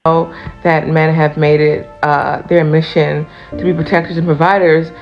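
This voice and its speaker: A woman's voice: low voice, level tone, moderate pace. A woman giving a blunt, dismissive lecture to men about dating, in a social media video clip. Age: adult. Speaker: commentator. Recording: dull clip with music behind.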